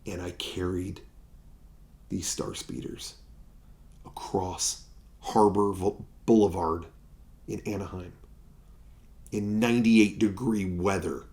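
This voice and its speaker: A man spins a collecting story like an epic tale. He swells loud, then drops to near-whispers for effect. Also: low voice, fairly even intonation, slow pace, long pauses. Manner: dramatic, swings between loud and hushed. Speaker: toy collector vlogger. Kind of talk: mock-epic storytelling to camera.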